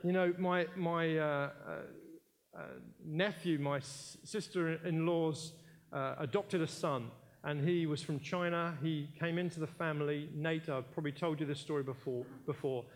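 A man's voice: fairly high pitch, steady tone, normal speed. A British man preaching a sermon in a church, emphatic, repeating key phrases and telling anecdotes with jokey asides.

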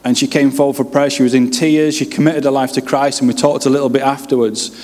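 A man in his late thirties from West Yorkshire, with a Yorkshire accent, preaching his personal testimony with humorous, lively storytelling. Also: medium pitch, fast. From West Yorkshire, England. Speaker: pastor. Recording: reverberant hall.

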